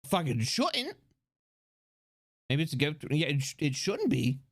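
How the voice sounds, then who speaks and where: A man streaming live, chatting excitably, swearing and rambling with restarts into a desk microphone. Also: a little high, a little slow. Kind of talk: casual live-stream chat.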